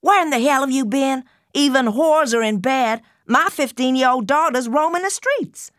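A woman voicing a middle-aged mother who rants and screams in a high, strained voice. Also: expressive, measured pace, darkish tone, no room sound, studio quality, close to an everyday voice. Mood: raging. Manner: screaming, high-pitched ranting and begging.

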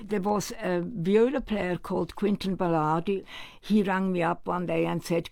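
Older man, very gravelly voice, slightly high, anecdotal storytelling, dry close mic. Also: moderate pace, hardly any pauses, a little mellow, no room sound. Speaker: orchestra manager, guest. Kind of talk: reminiscing interview answers.

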